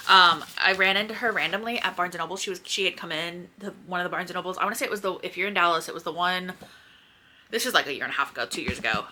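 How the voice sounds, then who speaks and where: With a fairly low pitch and a sharp tone, a woman talks casually and rambles toward a front camera at home by her bookshelves, swearing now and then. She's a book vlogger, and a little hiss or hum runs under the audio.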